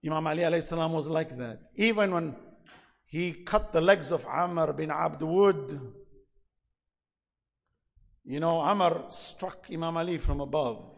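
A man giving a sermon, impassioned, swinging between loud emphasis and soft asides. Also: on the high side, measured pace, vocal fry, long pauses. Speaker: preacher. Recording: long hall reverb.

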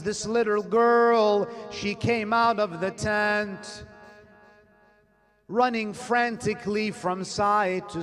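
A man preaching an emotional sermon, telling a story slowly and dramatically, growing impassioned and chanting Arabic quotations in a sung style. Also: high-pitched, fairly bright tone. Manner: switches between English and classical Arabic recitation. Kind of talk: emotional religious sermon narration.

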